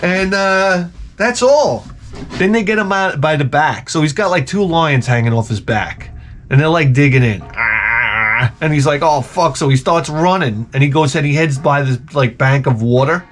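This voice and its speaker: A man hosting his own vlog, telling a crude comic story in a rambling way with loud outbursts. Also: fairly high pitch, moderate pace. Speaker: vlog host.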